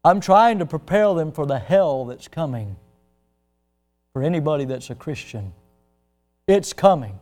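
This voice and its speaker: A man in his sixties from the United States, a pastor preaching an impassioned sermon, moving from hushed to loud. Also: a little high, lively intonation, measured pace, long pauses, soft background music.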